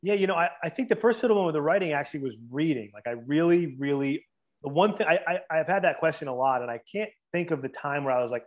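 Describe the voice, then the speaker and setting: A man's voice: a little high, expressive, quick pace, muffled recording. A man in his forties, a writer from the Boston area and New Jersey, chatting casually as an interview guest, rambling with lots of fillers and restarts.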